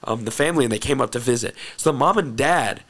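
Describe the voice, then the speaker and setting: A young man earnestly telling a personal testimony story, excitable and repeating phrases for emphasis. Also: medium pitch, quick pace. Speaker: host telling his testimony.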